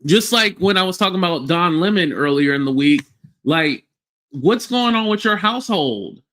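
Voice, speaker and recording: A man's voice: sits high, animated, normal speed, a bit bright. A man hosting a live-streamed podcast, ranting bluntly with swearing and greeting chat viewers by name. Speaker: podcast host.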